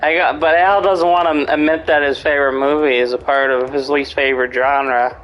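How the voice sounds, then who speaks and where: A man's voice: fairly high pitch, fairly even intonation, moderate pace, lo-fi sound, a little hiss or hum. A man in casual chat, rambling and swearing a lot, with many fillers and restarts. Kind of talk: casual chat about horror movies.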